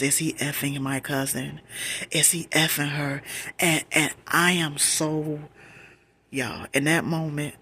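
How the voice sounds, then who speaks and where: A woman telling a true personal story in a soft-whispered ASMR storytime, her retelling rising in pitch with emotion. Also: a little hiss or hum. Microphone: close phone mic.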